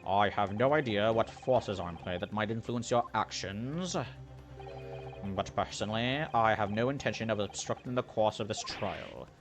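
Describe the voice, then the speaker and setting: A man's voice: on the low side, normal speed, faint music behind, voice pushed down, lightly acted. A man voicing a cold, disdainful aristocratic male English prosecutor in a game let's play. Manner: cool, disdainful.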